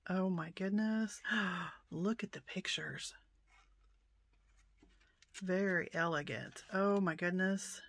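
A woman chatting through an unboxing of her mail haul, softly spoken, often exclaiming in delight and sometimes slipping into a whisper. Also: lowish voice, takes it slowly, long pauses. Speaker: vlogger showing a mail haul. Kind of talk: casual unboxing chat.

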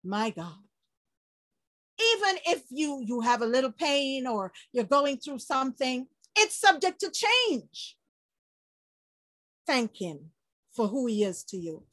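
A woman preaching an informal online sermon, lively and laughing often, acting out quoted people with sudden shouts and low murmurs. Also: slow, pauses often, no echo. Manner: quotes people in acted voices.

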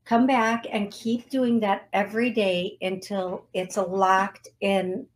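Woman, middle-aged, psychic medium host, slow unhurried delivery, emotional, affirming, repetitive phrasing. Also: mid-range voice, little pitch movement. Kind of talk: call-in radio reading and guided healing.

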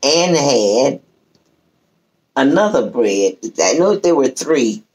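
An older woman with an extremely low-pitched voice, heard on a low-quality recording, is a guest sharing a family story. She talks casually and at length with lively energy, voicing her relatives' lines herself.

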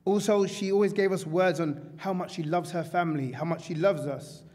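A man giving a heartfelt, informal funeral tribute to his aunt in a church, with halting restarts. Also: high-pitched, steady tone, a little mellow. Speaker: family member giving a tribute. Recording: long church reverb, faint music.

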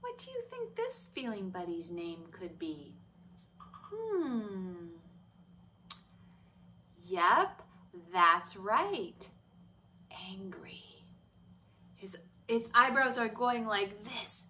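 Gentle, slow-talking woman teacher. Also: medium pitch, big pitch swings, far from the mic, slight background noise. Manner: slow, gentle, with some whispered lines. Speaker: special education teacher. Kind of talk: children's lesson.

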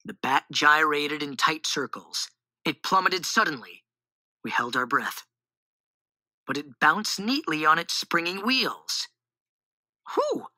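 A woman reading a children's storybook aloud in an animated, expressive way on a close mic. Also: deep voice, unhurried, no echo, low-quality recording.

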